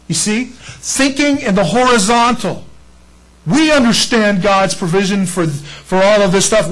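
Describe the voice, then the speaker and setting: A man preaches a sermon to his congregation. His voice sits fairly high, and he talks in an animated, conversational way, breaking into little acted-out voices and asides. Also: husky, rough recording. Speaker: pastor.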